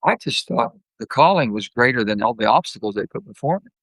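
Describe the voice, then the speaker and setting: An older man, a guest telling blunt, folksy stories and acting out his anecdotes with lively jumps in pitch. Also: a little fast, no room sound, rough recording. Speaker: guest, former senator. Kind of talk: candid storytelling interview.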